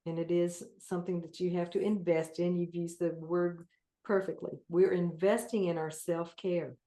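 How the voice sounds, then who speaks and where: Southern woman guest, lower-pitched, upbeat encourager, quick to laugh. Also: little pitch movement, warm tone, roomy sound. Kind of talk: casual interview chat.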